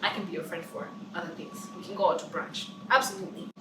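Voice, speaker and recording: A woman's voice: fairly low pitch, quick pace, a bit bright, a little hiss or hum. A young woman with a Kenyan accent, giving opinions in a casual vlog and hammering her points home by repeating them. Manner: emphatic, repeats phrases for emphasis. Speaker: vlogger. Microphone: camera's built-in mic, no external mic. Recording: roomy and distant from the mic.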